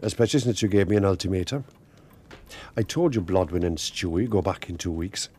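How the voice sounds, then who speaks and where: A husky, gentle old suitor. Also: male voice, low voice, fairly quick. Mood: tender. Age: older. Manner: soft, earnest, poetic. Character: gentle older Welsh man, wistful and romantic.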